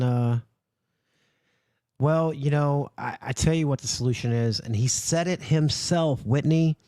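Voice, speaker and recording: A man's voice: medium pitch, warm tone, dry recording, studio quality. A man hosting a livestream, ranting in a profane, mocking and heated way. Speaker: livestream host.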